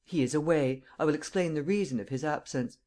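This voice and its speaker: A narrator reading the lines of a composed, middle-aged police chief who questions calmly and firmly. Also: male voice, on the high side, fairly quick, lightly acted. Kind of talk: audiobook character voice.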